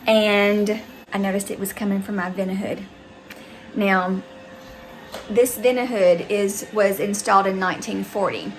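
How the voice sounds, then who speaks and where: A woman's voice: medium pitch, measured pace, pauses often, a little hiss or hum, rough recording. Chatty Southern woman telling a story. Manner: chatty, animated storyteller addressing viewers as guys. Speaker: vlogger. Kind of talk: casual vlog storytelling. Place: her house, indoors and out.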